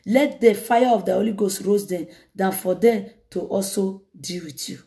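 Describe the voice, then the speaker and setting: A woman evangelist preaching a lively sermon, telling a story dramatically. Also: mid-range voice, moderate pace, vocal fry. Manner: animated, laughing, dramatic retelling.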